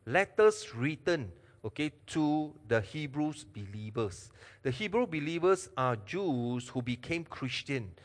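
A man preaching a sermon to a congregation, animated, asking them questions and joking. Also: a little high, a little slow. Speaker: pastor. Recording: long hall reverb.

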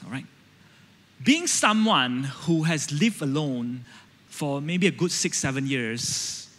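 A man's voice: on the high side, a bit bright, big-room sound. A man in his thirties with a Malaysian English accent, preaching a sermon in a conversational, storytelling way that often checks in with "right?".

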